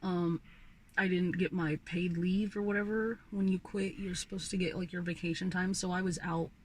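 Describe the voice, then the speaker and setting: A woman's voice: lowish voice, flat delivery, normal speed, slight background noise. A young woman vlogger ranting casually about her old job, swearing freely and sighing often. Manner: profane, ranting, sighs often. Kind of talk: casual rant.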